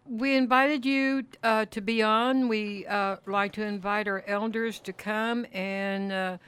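A woman co-hosting a radio show, asking an elder guest gentle, halting questions. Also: medium pitch, clear, resonant tone, dry recording. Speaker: radio co-host. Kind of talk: radio interview.

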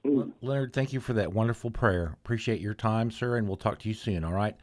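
A man's voice: fairly low pitch, fairly quick. A man hosting a community radio talk show, reading out sponsors and chatting with callers with hesitant restarts. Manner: easygoing, reads sponsor list, hesitant restarts.

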